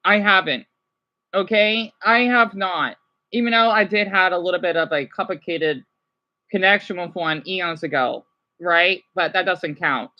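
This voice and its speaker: An excitable woman from the United States hosting a casual livestream, gushing as she reacts and often apologizing. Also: lowish voice, unhurried, dull audio. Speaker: livestream host.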